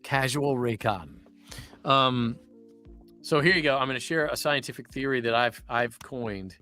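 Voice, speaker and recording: A bright, forward-voiced man with a Southern US accent chats casually on a livestream. He rambles easily from one story to the next as a voice actor talking shop. Faint music plays underneath. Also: mid-range voice, normal speed. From Louisiana, US.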